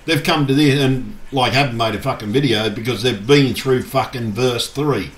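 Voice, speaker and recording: A man ranting furiously to his viewers, cursing in nearly every sentence. His voice sits at an ordinary middle pitch. The room gives it a noticeable echo. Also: moderate pace. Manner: swears constantly, angry and agitated. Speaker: YouTuber. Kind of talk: angry rant to camera. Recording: echoey room.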